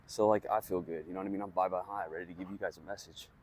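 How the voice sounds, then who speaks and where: In a low, darkish voice that stays steady and moves very fast, a young vlogger reflects on self-help to camera. He's casual and direct, cursing frequently and leaning on fillers to fill out his thoughts.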